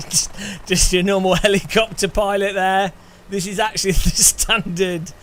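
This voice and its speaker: A man's voice: high-pitched, flat delivery, unhurried, fairly bright tone, slight background noise. A man hosting a gaming channel, chatting casually through his gameplay with cheeky jokes and frequent giggles. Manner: giggly, laughing often between remarks; cheeky, joking banter.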